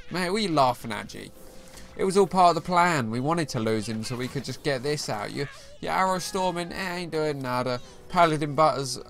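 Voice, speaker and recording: A man's voice: medium pitch, a bit bright. A young man commentating his own mobile game match in a slangy, chummy way, calling the viewer mate and G. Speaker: gaming channel host. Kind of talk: live gameplay commentary.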